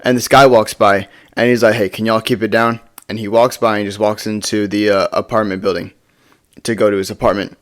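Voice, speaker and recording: A man's voice: fairly low pitch, little pitch movement, a little fast, a bit bright. A man telling a story in a casual vlog, rambling, stumbling over his words and swearing casually. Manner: rambling, with frequent stammered restarts and casual swearing. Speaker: storytime vlogger.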